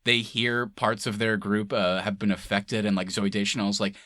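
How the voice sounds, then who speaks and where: A young man co-hosting a podcast, chatting casually about movies, laughing often and mimicking characters in a high voice. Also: level tone, moderate pace, bright, forceful tone, dry recording, clean studio sound. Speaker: podcast co-host. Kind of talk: casual movie review chat.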